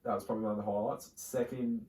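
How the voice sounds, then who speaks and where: A man's voice: lowish voice, level tone, quick pace, dark tone. A young Australian man co-hosting a podcast, telling long rambling stories in casual chat, full of fillers and restarts. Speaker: podcast co-host. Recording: roomy, distant mic.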